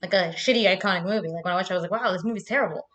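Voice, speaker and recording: A woman's voice: fairly low pitch, rapid-fire, a bit bright, lo-fi sound. Chatty young woman live-streaming. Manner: chatty, laughs often, swears casually. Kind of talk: casual live-stream chat.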